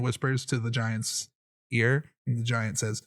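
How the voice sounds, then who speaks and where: Game master, male; steady descriptive narration, dry close sound. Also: mid-range voice, normal speed, no room sound. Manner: descriptive, scene-setting narration.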